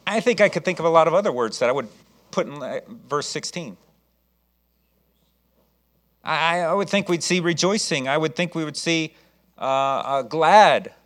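Male pastor, sermon delivery, somewhat high-pitched voice, animated storytelling. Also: normal speed, long pauses.

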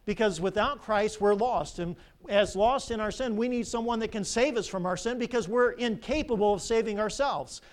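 An older man, a pastor, preaching a sermon with animated storytelling and rhetorical questions. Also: high voice, moderate pace, hardly any pauses.

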